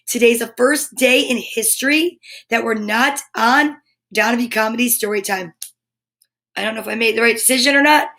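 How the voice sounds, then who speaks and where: A woman hosting a live children's show, bubbly and excitable, with playful asides and quick drops to a whisper. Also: on the high side. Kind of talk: live-streamed kids' show chat.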